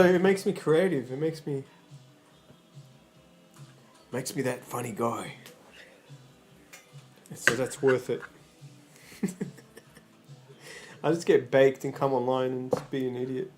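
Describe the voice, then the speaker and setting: A man's voice: mid-range voice, takes it slowly, long pauses, music in the background. Rambling, foul-mouthed male streamer. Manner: rambling and profane, with frequent stammered restarts. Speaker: livestreamer. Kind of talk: casual livestream chat.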